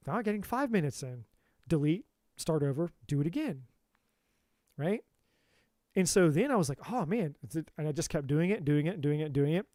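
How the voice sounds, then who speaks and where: A man's voice: fairly high pitch, expressive, a little fast, darkish tone, no room sound, clean studio sound. A man in a casual livestream monologue as a tarot reader and coach, candid and profane, repeating himself for emphasis into a phone.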